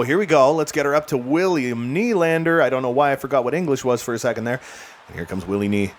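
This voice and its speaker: A young man narrates his hockey video game like a play-by-play caller. His voice leaps around with lively, animated pitch, tossing in goofy made-up words. He swings between loud excited shouts and muttered self-mocking asides. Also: a little hiss or hum. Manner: goofy slang and play-by-play chatter. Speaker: gaming YouTuber.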